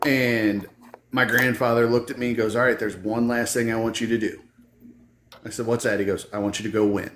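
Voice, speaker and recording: A man's voice: mid-range voice, little pitch movement, a little fast, a bit bright. A man hosting a podcast, reading out a listener question and telling an earnest personal story. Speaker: podcast host. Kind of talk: casual conversation. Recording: echoey room with faint hiss.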